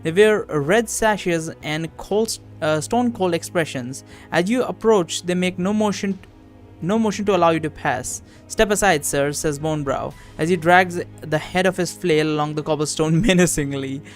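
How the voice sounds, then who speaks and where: A man reads a medieval fantasy text game aloud in a somewhat high voice. He slips out of the narration into relaxed comments full of fillers. Soft music plays underneath. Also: moderate pace. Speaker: player reading a text adventure aloud. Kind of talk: reading game text with casual asides. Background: background music.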